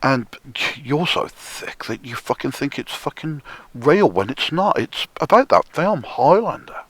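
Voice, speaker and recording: A man rants in a sneering, profanity-laden monologue at a deliberately slow pace, his pitch swinging widely. His voice is husky, and he often sinks into hushed whispers to drive a point home. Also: sing-song, no room sound. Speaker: conspiracy commentator. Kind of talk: ranting monologue.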